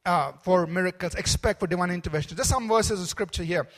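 A man's voice: high-pitched, fast talker, fairly bright tone. A middle-aged man preaching a sermon, telling a personal testimony with many fillers and emphatic calls to the congregation. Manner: storytelling with many fillers and restarts. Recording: long reverb of a large hall.

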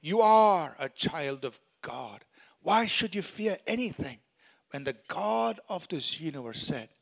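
A man's voice: fairly high pitch, big pitch swings, unhurried, vocal fry. A man preaching a sermon in church, leading the congregation in reading scripture aloud and urging them on with repeated phrases. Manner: exhorting, repeats phrases for emphasis. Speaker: pastor.

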